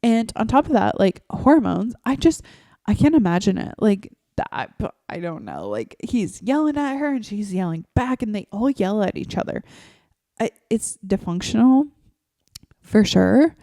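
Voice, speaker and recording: A chatty woman hosting a solo podcast, her voice mellow and relaxed as she rambles from one thought to the next, full of "like" fillers. The sound is close and dry, spoken straight into a home microphone from her favorite chair. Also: medium pitch, a little slow, no room sound. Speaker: podcast host. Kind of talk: casual solo podcast chat.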